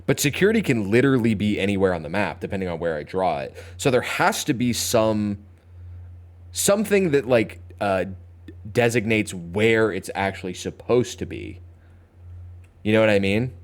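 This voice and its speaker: Young male streamer, deep and animated, casual chatty game commentary. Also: normal speed. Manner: chatty, talks to chat, thinks aloud, playful. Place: home streaming setup.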